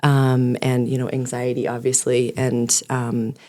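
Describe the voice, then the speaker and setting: Woman therapist guest, low voice, earnest and explanatory, tends to ramble. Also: monotone, measured pace, a little mellow. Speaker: licensed clinical social worker, guest. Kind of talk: casual podcast conversation.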